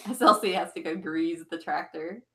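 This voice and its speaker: A woman's voice: fairly low pitch, normal speed, pushed and bright. Chatty giggly woman co-host. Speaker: co-host reading viewer comments. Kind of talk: casual live-stream chat.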